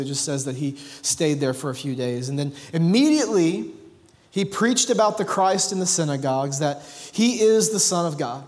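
A man preaching a sermon as pastor, relaxed and conversational, reading scripture between filler words. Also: on the high side. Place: church sanctuary. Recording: long reverb of a large hall.

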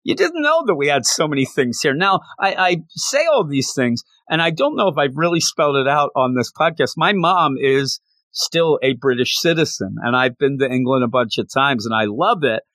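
A male podcast host chatting casually in a mid-pitched voice, joking and poking fun at himself as he rambles. He is close to the mic in a dry, dead room. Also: lively intonation, moderate pace, a bit bright, no room sound. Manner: rambling, self-deprecating, jokey. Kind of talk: casual chat.

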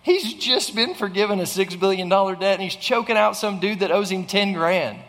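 A man's voice: sits high, animated, moderate pace, fairly bright tone, in a large hall. A man preaching a sermon in an earnest way, often restarting phrases and asking the listeners rhetorical questions. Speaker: pastor.

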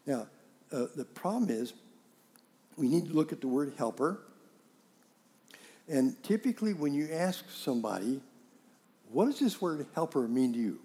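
A middle-aged man preaching a sermon, telling stories and acting out dialogue with animated emphasis. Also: on the high side, normal speed, pauses often. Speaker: pastor.

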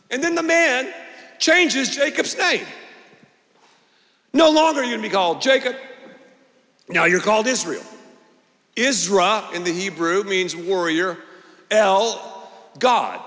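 A pastor preaching a sermon with animated, emphatic delivery and lots of repetition. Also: male voice, sits high, in a large hall.

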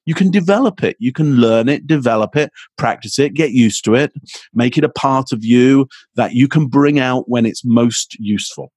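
A man speaking as a communications expert guest in an interview, energetic and acting out little exchanges as he explains. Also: normal speed, breathy edge, no room sound. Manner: energetic, acts out quoted exchanges with rising pitch. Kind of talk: animated interview answer.

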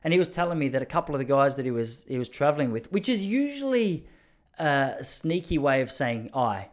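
A man's voice: medium pitch, sing-song, fairly quick. A man hosting a casual solo podcast, rambling and self-mocking, laughing at his own jokes. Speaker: podcast host.

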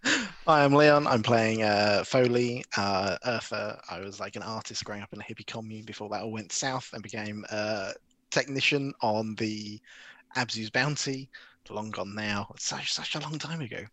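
A man introducing his tabletop character in a relaxed, slightly hesitant way. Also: on the low side, moderate pace, dry recording. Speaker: player. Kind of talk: casual chat at a game table.

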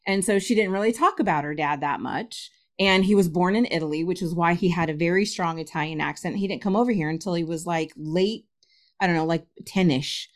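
A middle-aged woman, a spiritualist medium guesting on a podcast, tells a personal story, laughing often and acting out quoted voices. Her voice is fairly low and her pace brisk.

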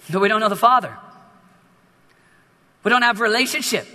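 Guy preaching a sermon, really high voice, emphatic, lots of repeats, echoing around a big church hall. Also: fairly quick, long pauses. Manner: emphatic, animated preaching with repetitions.

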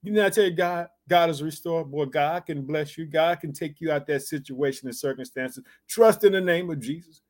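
A man's voice: on the high side, moderate pace, few pauses, darkish tone. A man reading scripture aloud and breaking off to preach on it, fervently prodding his listeners with rhetorical questions. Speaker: bible teacher.

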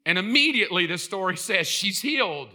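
A man preaches in a high-pitched, brisk voice, animatedly performing the voices of the characters in his story and building up to impassioned shouts.

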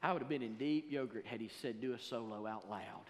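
Pastor preaching in a large hall. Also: male voice, medium pitch. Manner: preaching with rising emphasis and slow drawn-out scripture reading. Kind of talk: sermon. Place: church sanctuary.

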